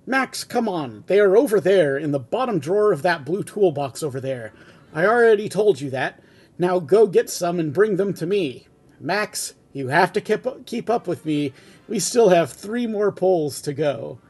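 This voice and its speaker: Grouchy green Grinch, read by a man, raised pitch, husky edge, short-tempered. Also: expressive, normal speed, a little mellow. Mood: bossy. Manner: exasperated, grouchy outbursts. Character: grumpy impatient green male Grinch. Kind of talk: comic script reading.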